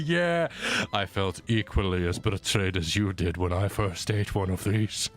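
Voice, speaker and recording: A man chatting casually on a stream about tabletop characters, animated and laughing as he acts out lines. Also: fairly low pitch, normal speed.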